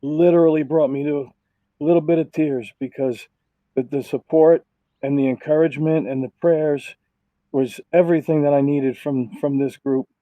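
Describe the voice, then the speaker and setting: Heartfelt rambling man, dark voice. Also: a little high, fairly even intonation, normal speed, no room sound, rough recording. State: recovering from illness. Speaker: sim racing driver. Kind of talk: post-race thank-yous over voice chat.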